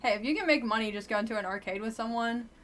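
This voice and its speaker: Bright-voiced woman streamer, blunt and wry. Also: on the high side, fast talker. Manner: blunt, wry, chatty with frequent laughs. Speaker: streamer playing a dating game. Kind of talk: casual live-stream commentary.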